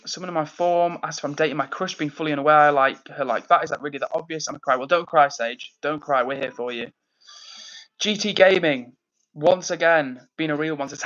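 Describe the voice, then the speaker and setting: A man hosts a live stream from his home, reading out chat messages one by one and sending shout-outs. His voice sits a little high, and he keeps a cheerful, easygoing manner with lots of ums. The stream audio is dull and slightly lo-fi. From England, near Manchester. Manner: friendly, upbeat, lots of fillers and shout-outs. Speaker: livestream host reading chat. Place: indoors at home.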